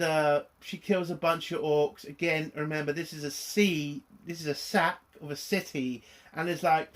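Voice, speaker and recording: A man reviewing a TV episode in a loose, casual way, sounding fed up and sarcastic and swearing freely. His voice sits fairly high for a man, and he takes his time, drawing out his complaints at a slow, unhurried pace. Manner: exasperated, sarcastic, swears often.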